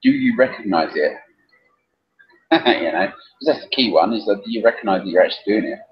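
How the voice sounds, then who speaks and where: A man's voice: on the low side, animated, fairly quick. Blunt, jokey man on lo-fi audio. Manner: blunt, jokey, laughs often. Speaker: co-host, coach. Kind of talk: casual webcast chat.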